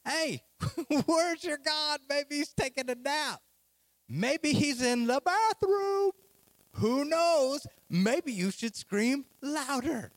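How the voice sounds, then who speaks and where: A man's voice: a little high, lively intonation, normal speed, dry recording. A man voicing a bold, defiant male prophet who talks in brash, streetwise taunts. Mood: mocking.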